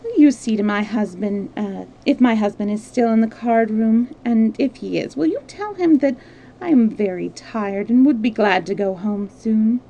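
A woman voicing a proud, frightened young noblewoman in a storybook reading, in an even, mechanical tone. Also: a little high, moderate pace, poor audio. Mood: strained.

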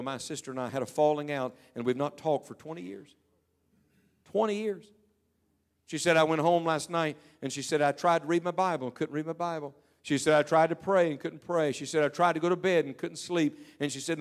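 A middle-aged man preaching a sermon, telling stories and dropping to a hush when he quotes people. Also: a little high. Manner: storytelling preaching, quoting people in hushed tones.

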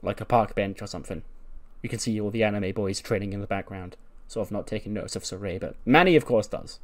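A man narrates a wrestling simulation game in a casual, rambling way and keeps correcting himself mid-sentence. His voice sits lowish and sounds conversational. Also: fast. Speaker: game commentator. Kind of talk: casual let's-play narration.

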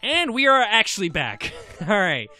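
A man narrating and joking through a dating game with goofy, animated commentary. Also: sits high, measured pace, soft background music. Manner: goofy, animated, jokey asides. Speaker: let's play gamer. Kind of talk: gameplay commentary with read-aloud narration.

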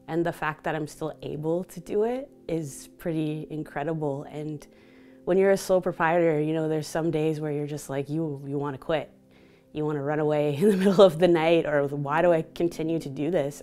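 A woman's voice: deep voice, warm tone. A woman from Vancouver, a DJ and speaker, telling personal stories openly in an interview, often laughing. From Canada (Vancouver). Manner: open, reflective storytelling with frequent laughter.

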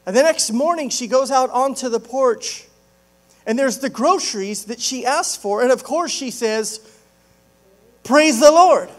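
High-voiced joking pastor. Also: male voice, normal speed. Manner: joking, conversational storytelling. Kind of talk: sermon.

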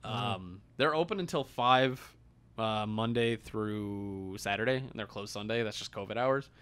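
Dude on a podcast with a bright forceful voice, swearing a lot as he tells a story. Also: fairly low pitch, a little slow, smooth. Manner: loose, profane, animated storytelling. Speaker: podcast co-host. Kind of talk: casual storytelling chat.

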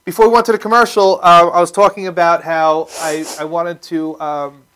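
A man's voice: on the high side, little pitch movement, normal speed, fairly bright tone, clean tone. A man hosting a casual talk show, rambling with lots of fillers and restarts. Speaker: host. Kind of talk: casual chat.

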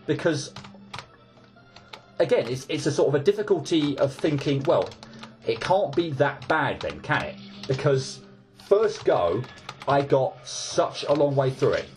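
A man's voice: medium pitch, animated, a little slow, faint music behind. A man giving casual gameplay commentary, ranting in exasperation and stumbling over repeated restarts. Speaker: let's play gamer.

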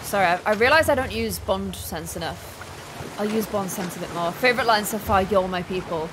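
A young woman streaming a game live, excitable, panicking and rambling with her chat. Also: medium pitch, a little fast, noisy background. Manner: excitable, shifts into loud panic and chatty rambling. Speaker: gaming streamer. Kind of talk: live let's play commentary.

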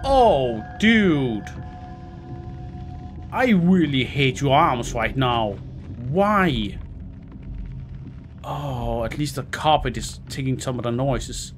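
A man's voice: mid-range voice, big pitch swings, slow, pauses often. A man with a Scandinavian accent, a gaming host muttering, groaning and swearing through a horror let's play. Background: game music.

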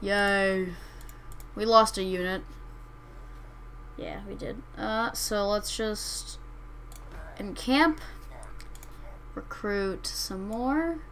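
A woman's voice: medium pitch, very slow, long pauses, a bit bright, slight background noise, low-quality recording. A woman hosting a let's-play, commenting casually on her strategy game in a rambling, hesitant way that keeps correcting itself. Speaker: gaming channel host.

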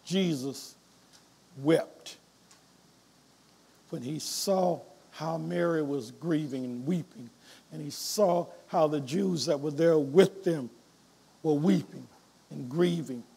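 A man preaching a sermon as pastor, reading scripture aloud and swinging between quiet reflection and loud emphasis. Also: a little high, slow pace, vocal fry, long pauses, husky.

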